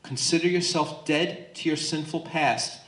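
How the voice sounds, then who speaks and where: A man's voice: fairly high pitch, a little slow, fairly bright tone. A man leading a Bible study in a church, teaching emphatically and often checking in with listeners. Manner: emphatic, asks listeners questions. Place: church room. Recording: roomy echo.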